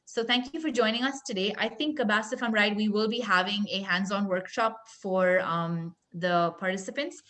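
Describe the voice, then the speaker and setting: A woman giving closing remarks as a guest presenter in a webinar, speaking in a friendly, advising way with soft fillers, heard over a video call. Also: mid-range voice, moderate pace, hardly any pauses.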